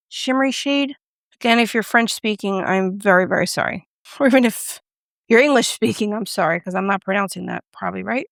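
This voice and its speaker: A woman's voice: fairly high pitch, vocal fry, fairly bright tone, no echo, clean studio sound. A woman from the United States, a beauty vlogger, chatting casually through a product review and joking about her own pronunciation.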